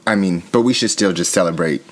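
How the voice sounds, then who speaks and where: Deep-voiced deadpan man co-host. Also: fast talker. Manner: dry, understated replies. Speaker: podcast co-host. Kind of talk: deadpan comedic banter.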